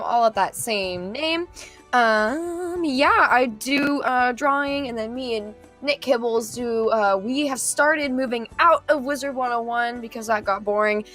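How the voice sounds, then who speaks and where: A woman's voice: fairly high pitch, measured pace, a bit bright, faint music behind. A woman player on a tabletop game stream, chatty and rambling, a bit apologetic as she talks. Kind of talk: casual chat.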